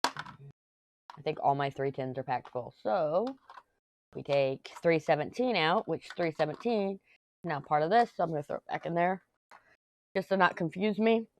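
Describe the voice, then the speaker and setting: A woman's voice: deep voice, expressive, moderate pace, pauses often, a little mellow. A middle-aged woman, chatting and telling rambling family stories while she works on a craft at home. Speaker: craft vlogger. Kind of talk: casual chat while crafting.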